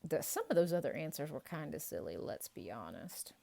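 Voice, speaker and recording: Animated woman quizzing kids. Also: low voice, gravelly. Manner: playful, animated and encouraging, drawn-out answer reveals. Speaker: children's ministry teacher. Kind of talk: quiz review for kids.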